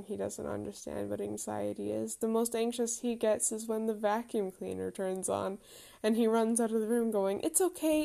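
A woman's voice: medium pitch, gravelly, warm tone. A woman in her thirties telling a candid, reflective personal story with self-deprecating humour.

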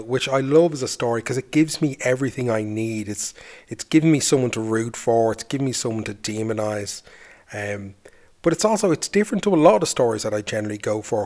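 A man's voice: mid-range voice, a little mellow. A man hosting a podcast, narrating a folk tale and then chatting reflectively about it. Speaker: folklore podcast host. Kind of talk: storytelling narration.

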